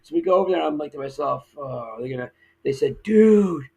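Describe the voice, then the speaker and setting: A man's voice: on the high side, fast talker, gravelly, slight background noise, poor audio. A man, an actor guest on a podcast, telling a story in a casual way and acting out the quoted lines. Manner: animated, acts out quoted dialogue.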